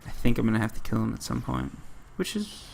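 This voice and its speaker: Gravelly rambling American gamer guy. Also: fairly low pitch, sing-song, fast talker, a little mellow, a little hiss or hum. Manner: rambling, self-interrupting, lots of "like". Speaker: gaming channel host. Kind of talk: rambling gameplay commentary.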